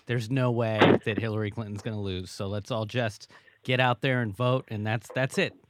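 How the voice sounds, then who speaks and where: A man's voice: fairly low pitch, fairly even intonation, moderate pace, very noisy. A man co-hosting a talk show, wry and self-deprecating in his jokes. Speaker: co-host. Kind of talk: casual talk show banter.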